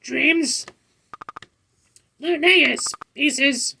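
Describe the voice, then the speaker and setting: A man voicing a tiny, squeaky pet dragon that speaks in clipped, cryptic one-word answers. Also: extremely slow, creaky, distant mic, slight background noise, full character voice. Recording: loud game music behind.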